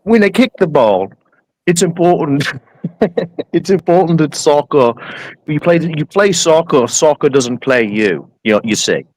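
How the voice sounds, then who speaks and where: A man on a call-in show putting on a deliberately bad British accent, loud and rambling. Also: a little high, animated, dry recording, rough recording. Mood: goofy. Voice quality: loud, rambling, stoned-sounding. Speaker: guest.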